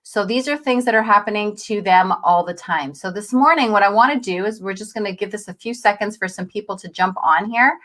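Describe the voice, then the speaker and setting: A woman hosting a live morning show, chatty and upbeat, greeting viewers and often asking "right?". She has a husky morning voice and keeps clearing her throat. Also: mid-range voice, a bit bright. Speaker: host, coach.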